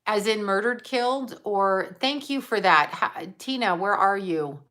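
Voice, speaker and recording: A middle-aged woman, a psychic medium, talking frankly and casually on a live stream, reading viewer comments and often breaking off in halting restarts. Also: medium pitch, fairly bright tone. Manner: frank and profane, halting with restarts when emotional.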